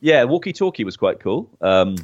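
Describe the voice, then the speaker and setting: A man's voice: mid-range voice, very animated, normal speed, crowd noise. Chatty man, slightly muffled. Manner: chatty, laughing, with frequent restarts. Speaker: podcast co-host. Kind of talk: casual tech chat. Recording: slightly dull lo-fi sound.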